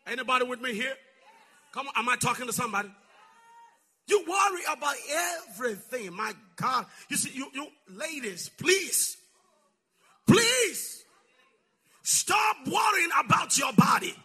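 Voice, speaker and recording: A male preacher delivering a sermon, calling out to the congregation and swinging from shouting to soft, low asides. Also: big pitch swings, a little slow, pauses often, husky. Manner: call-and-response, swings from shouting to near-whisper.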